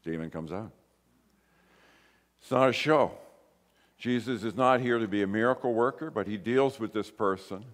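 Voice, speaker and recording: A male pastor giving a conversational sermon in a church, mostly calm, rising to emphatic bursts. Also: on the low side, normal speed, pauses often. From grew up in a Pentecostal church. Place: church sanctuary. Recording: long hall reverb.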